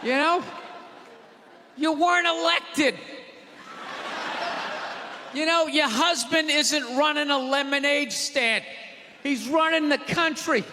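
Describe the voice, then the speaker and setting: A man doing a stand-up routine in a large theater, ranting loudly and mocking people in put-on voices. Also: extremely high pitch, slow, pauses often. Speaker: stand-up comedian. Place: large theater with live audience. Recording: live theater recording, hall reverb, audience noise. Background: audience laughter and crowd.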